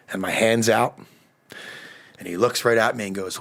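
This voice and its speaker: A man's voice: mid-range voice, normal speed, long pauses. A man telling a comedic story in casual podcast chat, swearing freely and acting out the people in it. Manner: animated, swears freely, acts out quoted people.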